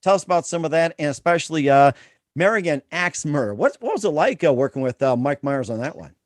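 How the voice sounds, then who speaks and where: A man's voice: on the high side, lively intonation, dry recording, studio quality. A man hosting a podcast, rattling through sponsor reads and then asking questions with some hesitation. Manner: rapid promotional read, hesitant questions. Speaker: podcast host.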